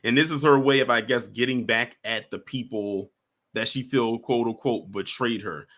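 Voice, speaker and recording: A man's voice: mid-range voice, moderate pace, a bit bright. A man hosting a casual reaction stream, talking straight to his viewers and chat. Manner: conversational, addresses viewers as y'all. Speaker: host reacting to clips.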